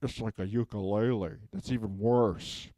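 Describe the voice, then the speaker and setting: A man's voice: lowish voice, steady tone, moderate pace, mellow, dry recording, close to an everyday voice. A man playing a petty, aggrieved villain who has just been unmasked, rambling and whiny and tagging "okay?" onto everything in a comedic self-tape monologue. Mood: sulky, brooding.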